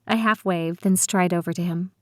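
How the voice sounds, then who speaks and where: Audiobook narrator: woman, first person, lowish voice, steady and measured, dry close read. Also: no room sound.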